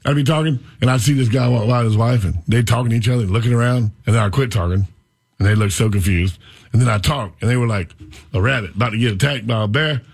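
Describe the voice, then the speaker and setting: A man hosting a radio talk show, rambling and animated as he tells stories. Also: medium pitch, quick pace, gravelly, husky. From Florida. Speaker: radio host.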